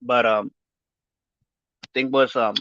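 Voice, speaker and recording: A man's voice: mid-range voice, steady tone, slow, bright, forceful tone, dry recording. Male podcast host, mumbly lisp from a broken jaw, rambling and profane, muffled dry recording. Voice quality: lisping, mumbled speech through a barely opened mouth. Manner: repetitive stammering restarts, profane and heated when retelling. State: speaking with a broken jaw and missing front teeth. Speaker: podcast host giving a health update. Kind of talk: casual rambling monologue.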